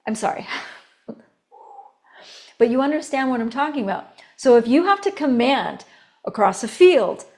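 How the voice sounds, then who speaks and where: A woman voice coach teaching a recorded course, animated, demonstrating tones and laughing between points. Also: normal speed, long pauses. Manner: animated, demonstrating each tone with shifts in pitch and volume.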